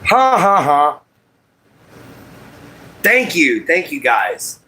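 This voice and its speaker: Bright-voiced man chatting on a livestream. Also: on the high side, big pitch swings, very slow, slightly rough. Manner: greets viewers by name, apologetic about audio. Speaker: livestream host. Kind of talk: casual livestream chat while crafting.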